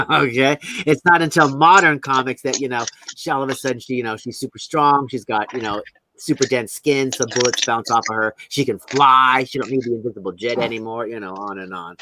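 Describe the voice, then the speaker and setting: A man's voice: medium pitch, a little fast, sharp tone, a little hiss or hum. Chatty man explaining at length. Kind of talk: casual stream chat.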